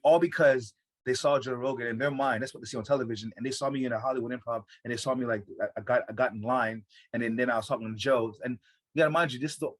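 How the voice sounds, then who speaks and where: An American man, a stand-up comedian, telling a story in casual chat, profane and full of restarts. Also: mid-range voice. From United States. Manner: fast, profane, animated storytelling with many restarts.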